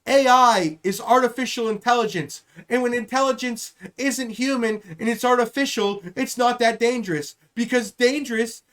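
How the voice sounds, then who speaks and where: A man's voice: extremely high pitch, fairly bright tone, clean tone. A man mimicking a rambling woman politician. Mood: mock-solemn. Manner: slow, looping, repetitive phrasing.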